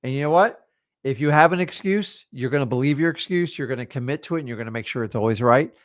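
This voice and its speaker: A man's voice: mid-range voice, quick pace, no room sound, studio quality. A middle-aged man, a real estate coach, giving a blunt motivational masterclass and swearing casually as he talks.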